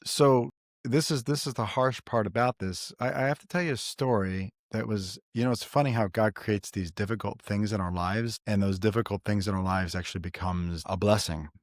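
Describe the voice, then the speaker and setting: A middle-aged man from New York hosting a casual faith podcast, telling stories in an animated way and often repeating himself. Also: fairly low pitch, moderate pace, dry recording, clean studio sound. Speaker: podcast host.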